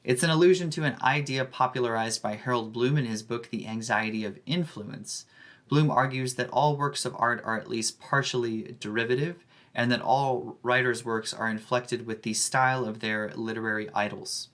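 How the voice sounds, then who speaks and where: A man, a high school English teacher, giving a scripted academic presentation with a careful, measured delivery. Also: a bit bright.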